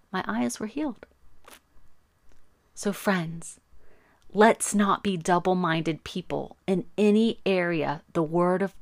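A middle-aged woman tells a faith testimony with earnest passion, her voice sitting on the low side. The sound is dry and close, with no room echo. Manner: earnest, impassioned storytelling. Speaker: podcast host. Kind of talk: faith talk with personal testimony.

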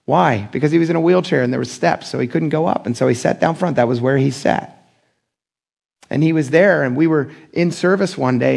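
Gravelly-voiced animated male preacher. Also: a little high. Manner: conversational and animated, acting out quoted voices. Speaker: pastor. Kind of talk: sermon.

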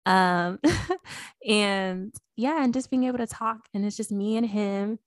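A woman's voice: medium pitch, slow, no echo. A young adult woman co-hosting a podcast in casual chat, earnest and a bit rambling. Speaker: podcast co-host.

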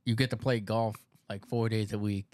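Man, lowish voice, easygoing podcast co-host, dry close sound. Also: level tone, moderate pace, a little mellow, no room sound. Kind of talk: casual chat.

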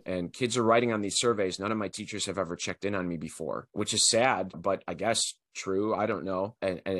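A man's voice: no echo, clean studio sound. A man, a teacher and podcast co-host, chatting casually and enthusiastically, often repeating words as he starts sentences. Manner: animated, excited bursts of pitch and loudness. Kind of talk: casual chat.

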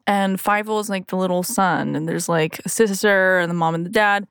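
A woman's voice: mid-range voice, moderate pace, fairly bright tone, smooth, no room sound, clean studio sound. Chatty young woman co-hosting a podcast. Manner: chatty, full of fillers, gets emotional. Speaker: podcast co-host. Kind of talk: casual chat.

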